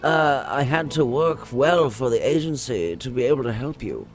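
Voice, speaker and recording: A man's voice: medium pitch, moderate pace, faint music behind, close to an everyday voice. A man reading out the lines of a secretive male agent who admires his old colleague, with small stumbles as he reads. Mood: friendly.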